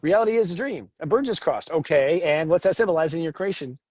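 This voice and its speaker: A man co-hosting a casual spiritual talk about astrology, animated and joking. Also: quick pace, breathy edge, dry recording. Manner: animated, jokes, acts out voices with big pitch jumps. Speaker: astrology show co-host.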